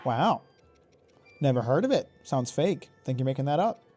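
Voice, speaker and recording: Giving live gameplay commentary, this man talks loosely with his viewers, wanders off topic, and curses without restraint. He has a Midwestern American accent, hails from Oregon, and grew up in Michigan; his mid-range, dark-toned voice has a sing-song lilt at a moderate pace over faint background music.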